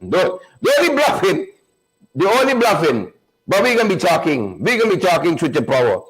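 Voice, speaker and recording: His voice sits high and sing-song, a little fast and somewhat bright, as this man hosts a live online show. He repeats lines to build hype and shouts out viewers by name, all on a rough recording.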